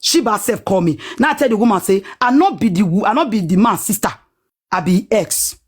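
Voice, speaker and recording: A woman with a Nigerian Pidgin accent telling a personal story in a lively, dramatic way, acting out what people said. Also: mid-range voice, slightly rough. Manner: animated, dramatic retelling with acted-out quotes.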